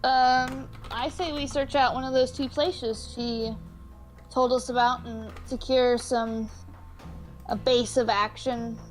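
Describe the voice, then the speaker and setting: A woman's voice: fairly high pitch, steady tone, slow, soft background music. A woman playing a tabletop game, thinking aloud and correcting her own wording. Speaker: player.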